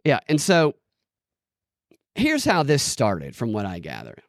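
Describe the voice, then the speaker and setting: A man's voice: mid-range voice, huge pitch swings, unhurried, no echo, studio quality. A man hosting a podcast, chatting in a loose, sarcastic, joking way. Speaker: podcast host. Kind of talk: casual chat.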